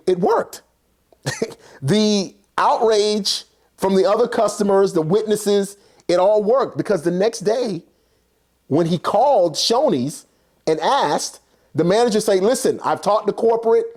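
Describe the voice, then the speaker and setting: Guy with a high voice telling a story loose and chatty, lots of "you know", acting out the people. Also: slow pace, pauses often. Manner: animated, acts out characters, many fillers. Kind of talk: casual storytelling.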